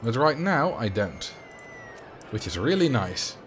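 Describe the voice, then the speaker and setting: A man with a Dutch accent talks casually on a livestream, rambling from one thought to the next as he answers viewer chat. His voice sits at an ordinary middle pitch, with soft music playing faintly underneath. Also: sing-song, unhurried. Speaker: streamer.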